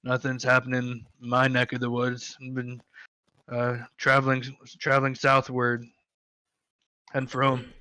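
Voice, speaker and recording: A man's voice: medium pitch, completely flat delivery, unhurried, bright, forceful tone, clear, resonant tone, no room sound. A man voicing a weary male half-orc traveler with a plain, easygoing delivery.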